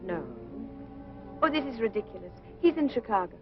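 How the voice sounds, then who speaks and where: An actress playing a sweet young woman dancer who speaks softly and politely. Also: a little high, expressive, normal speed. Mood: wistful. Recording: dull old film soundtrack with music.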